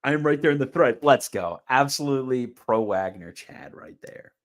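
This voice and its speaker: A man's voice: medium pitch, animated, normal speed. A young man hosting a live stream, chatting casually and answering viewers' questions, rambling with fillers and laughing at comments. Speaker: livestream host answering chat.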